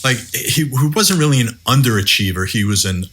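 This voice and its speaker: A man, an executive producer and head writer, thinking back on a show in a casual podcast chat, speaking in a measured, reflective way. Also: mid-range voice, animated, a bit bright, a little hiss or hum. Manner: reflective, measured, with frequent fillers.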